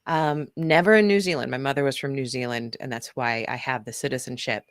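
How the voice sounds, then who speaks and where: A woman's voice: a bass voice, a little fast, clear, resonant tone, no room sound, studio quality. A woman from California chatting as a guest author, telling stories animatedly and laughing easily. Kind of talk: casual interview chat.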